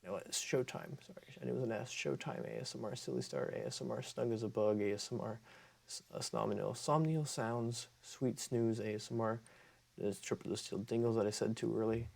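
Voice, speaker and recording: Casual male ASMR creator: low, raspy, fry-heavy voice, loose rambling delivery with lots of self-corrections. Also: a little fast, darkish tone. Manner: rambling, often corrects himself mid-list. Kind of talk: casual talk to camera.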